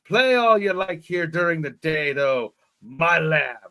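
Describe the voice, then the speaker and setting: A man voicing a kindly old rural shepherd with a high, cracked old-man voice and folksy dialect. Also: lively intonation, slow, darkish tone, exaggerated voice.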